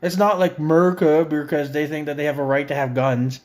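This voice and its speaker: A man's voice: fairly high pitch, fairly even intonation, moderate pace. A middle-aged man in a friend's house, ranting with heavy swearing, exasperated and sarcastic. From Canada. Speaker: vlogger. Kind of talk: profane comedic rant.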